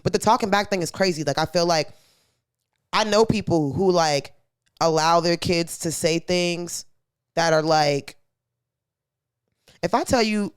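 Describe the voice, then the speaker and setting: A young woman co-hosting a podcast, talking in a blunt, animated way with plenty of swearing. Her voice sits fairly low, and the sound is dry and close. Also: unhurried, long pauses, clear, resonant tone, no room sound. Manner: acts out quoted kids and parents in a raised voice. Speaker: podcast co-host. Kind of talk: casual chat.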